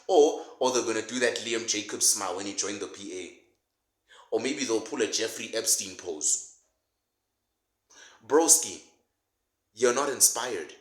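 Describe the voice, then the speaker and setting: A man's voice: fairly low pitch, measured pace, long pauses. A man delivering a sarcastic, mocking comedic rant as a political commentator, laughing at his own jokes. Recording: roomy echo.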